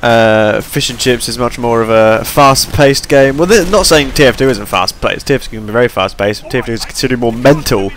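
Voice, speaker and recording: A yawning, tired young man offers rambling commentary on his gameplay, chatty and quick to put himself down. His medium-pitched voice moves briskly with few pauses, and a little background noise can be heard.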